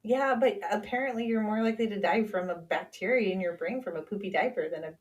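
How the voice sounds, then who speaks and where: A woman in her thirties, a podcast guest who is Charli's sister, talks fast in a mid-range voice. She chats casually, telling family stories and quoting people in little voices.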